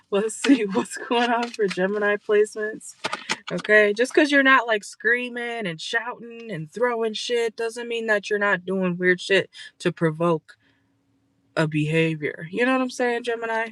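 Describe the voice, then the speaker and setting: A woman's voice: mid-range voice, a bit bright, low-quality recording. Blunt, stuffy-nosed woman tarot reader. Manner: blunt, scolding, profane, chatty. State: stuffy nose. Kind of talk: casual direct-to-camera reading. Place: in a car. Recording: noticeable background noise.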